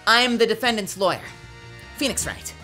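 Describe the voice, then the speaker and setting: Phoenix Wright, as a woman voices him. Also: on the high side. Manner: dry, deadpan asides. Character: young male defense lawyer, wry and flustered.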